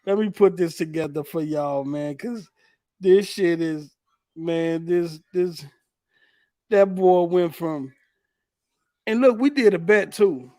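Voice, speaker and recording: A man hosting a gaming livestream in a relaxed, profane, running commentary as he sets things up. His voice sits a bit higher than most men's. The sound is close and dry, with no room around it. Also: slow, long pauses, no room sound. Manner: loose, profane, talks while fiddling with clips. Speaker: livestream host. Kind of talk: casual livestream chat.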